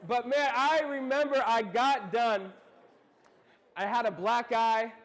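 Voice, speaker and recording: A young man giving a casual youth sermon, telling lively stories and asking his listeners direct questions. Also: very high voice, takes it slowly. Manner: lively storytelling, talks straight to the listeners. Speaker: youth ministry speaker.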